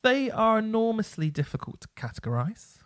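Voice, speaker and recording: A man's voice: high-pitched, sing-song, brisk, smooth, no room sound. Enthusiastic man, dry sound. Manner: enthusiastic, rambling with restarts. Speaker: music podcast co-host. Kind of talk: casual chat.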